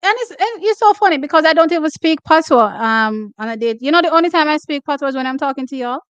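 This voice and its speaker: A woman's voice: high-pitched, lively intonation, fast talker, no room sound, lo-fi sound. A young woman with a Jamaican accent hosting a casual track and field livestream, reading comments and switching between patois and standard English with frequent laughter. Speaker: host of a track and field talk stream.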